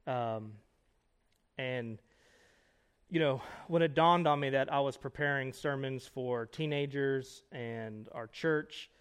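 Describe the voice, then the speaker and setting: A man in his thirties teaches a conference breakout like a pastor talking with friends. His delivery is casual and emphatic, his voice sits at an ordinary middle pitch, and he keeps checking in with his listeners. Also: clear, resonant tone. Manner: conversational, emphatic, quick asides and rhetorical "right?". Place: conference room.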